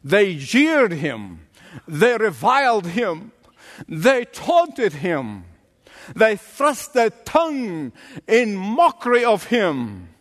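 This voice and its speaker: A male pastor delivers a sermon in a notably high voice, taking his time over every phrase. He is emphatic and builds his points by repeating key lines. His words carry a long reverb, as if spoken in a large church hall. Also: wildly swooping pitch, extremely slow, fairly bright tone.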